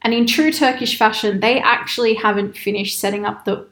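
Woman, casual storyteller, lively quoted voices, slightly high pitch, roomy echo. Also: a little fast. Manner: animated, quotes people in raised voices, laughs often. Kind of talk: casual anecdote telling. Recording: echoey room.

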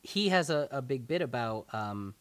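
A man's voice: mid-range voice, expressive, moderate pace, no echo. A man in his thirties with a Pacific Northwest American accent, chatting casually as a podcast co-host and rambling with many fillers and restarts. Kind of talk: casual chat.

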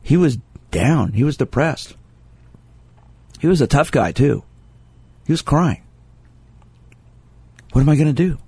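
A man's voice: a little high, lively intonation, unhurried, long pauses, warm tone, husky, dry recording. A man who is a sports psychologist hosting a call-in radio show, speaking earnestly and with emphasis, repeating his key phrases. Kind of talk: radio talk monologue taking calls.

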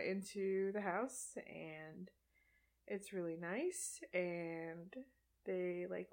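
A young woman with a mid-pitched voice recaps a film in a loose, chatty way. She is sarcastic and animated and breaks into laughter often. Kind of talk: casual movie recap.

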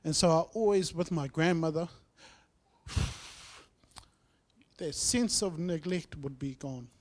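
A man sharing his personal testimony in church, telling his story earnestly, with swings between loud and soft. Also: on the high side, slow pace. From New Zealand. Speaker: guest speaker sharing testimony.

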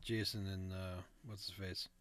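A man's voice: low voice, level tone, a little slow, a bit bright. A man co-hosting a casual chat, reading out ghost stories from notes in a laid-back way, with fillers and asides. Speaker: podcast co-host.

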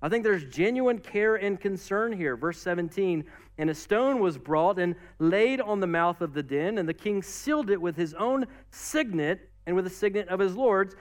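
Casual: pastor guy, high voice, preaching a sermon all animated and chatty. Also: normal speed. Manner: animated preaching with casual asides and acted-out quotes.

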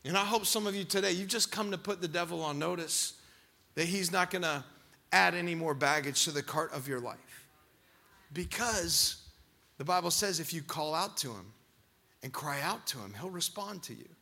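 A man preaching a sermon who swings from shouted pleading to hushed, low lines, acting out quoted voices and calling out to the congregation. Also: moderate pace, gravelly. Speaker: pastor.

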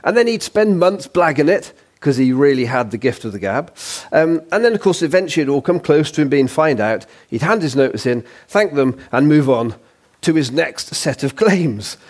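Chatty male preacher, higher voice. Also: big pitch swings, moderate pace, darkish tone. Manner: chatty, informal, with frequent ums and rhetorical questions. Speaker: guest preacher. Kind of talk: sermon.

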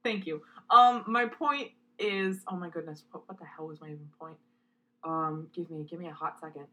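Bright-voiced woman in animated podcast chat. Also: sits low, normal speed, low-quality recording. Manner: animated, swears freely, loses her train of thought. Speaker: podcast co-host. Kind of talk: casual fan podcast chat.

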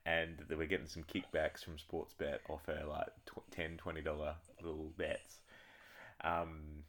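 Deep-voiced Australian man quizzing his co-host. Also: completely flat delivery, a little slow, a bit bright. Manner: dry teasing, chuckles often. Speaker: podcast co-host. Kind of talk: casual chat, running a quiz.

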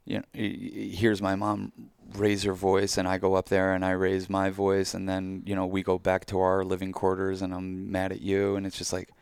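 A man with a very low voice and a gravelly edge talks through his thoughts on a podcast, candid and reflective, dropping casual swears. The recording is dry and close, with no room sound. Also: monotone, moderate pace, hardly any pauses, darkish tone, no echo. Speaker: podcast co-host. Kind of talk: casual chat.

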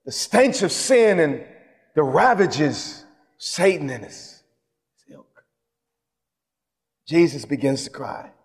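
Male pastor, impassioned sermon delivery, higher-pitched voice, long reverb of a large hall. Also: sing-song, slow pace, long pauses. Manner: impassioned preaching, swings between loud and hushed. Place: large room with an audience.

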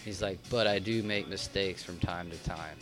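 A young man with a somewhat low voice rambles through a story in casual chat, circling back with fillers and false starts. Music plays clearly behind him. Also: moderate pace. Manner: rambling, many restarts and fillers. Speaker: guest telling a story.

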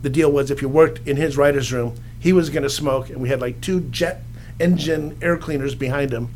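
A man's voice: medium pitch, fairly even intonation, moderate pace, a little mellow, a little hiss or hum. A middle-aged man from Los Angeles, a television writer telling easygoing stories as a podcast guest. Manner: easygoing storyteller, acts out quotes. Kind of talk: casual interview chat.

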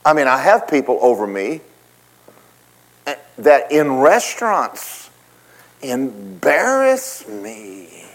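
A man preaching a sermon as a pastor, with an animated, joking way of talking. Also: mid-range voice, slow, pauses often, poor audio.

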